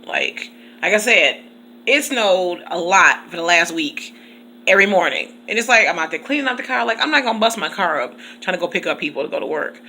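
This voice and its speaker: A woman's voice: lowish voice, lively intonation, fairly quick, sharp tone, a little hiss or hum. A woman teacher from Michigan, chatting casually in her car and laughing often. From Michigan, USA. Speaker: teacher and vlogger. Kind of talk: casual chat.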